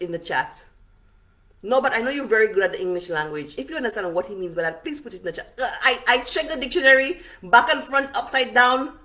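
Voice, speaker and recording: A woman giving forceful, scolding political commentary on a livestream, repeating herself as she builds her point. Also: medium pitch. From Saint Lucia.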